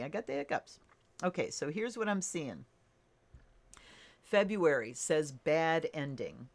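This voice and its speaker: Casting note: low-voiced woman, slow and easygoing, casual tarot reader talking to camera. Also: gravelly. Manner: relaxed, thinking aloud with fillers and soft laughs.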